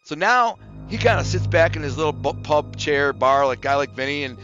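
A man casually telling stories from his past in a streetwise, animated way, acting out what others said. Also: fairly high pitch, normal speed, lo-fi sound, soft background music. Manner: streetwise, animated, quotes others in acted voices. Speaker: storyteller recalling his past. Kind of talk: casual storytelling monologue.

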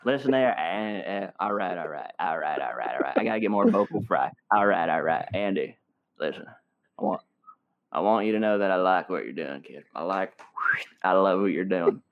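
A man impersonating a laid-back, self-assured movie star, drawling slowly with heavy vocal fry. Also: low voice, animated, lo-fi sound, voice pushed down.

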